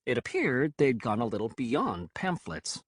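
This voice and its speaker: Guy reading an audiobook, wry and expressive, kinda husky. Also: medium pitch, unhurried, dry recording, clean studio sound. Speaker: audiobook narrator. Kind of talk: scripted narration.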